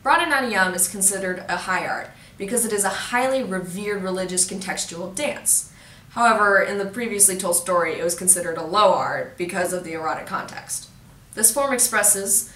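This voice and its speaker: Bright, teasing young woman presenter. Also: medium pitch. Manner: playful, teasing asides to viewers. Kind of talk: jokey educational explainer. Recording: roomy echo, mic at a distance.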